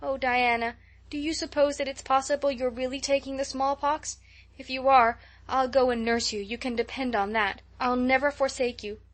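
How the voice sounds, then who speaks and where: A woman's voice: sits high, steady tone, normal speed, pitched above the performer's own voice, lightly acted. A woman voicing an imaginative, chatty young girl who tells everything dramatically, in an audiobook reading. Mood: pleading. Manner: gushing, breathless storytelling.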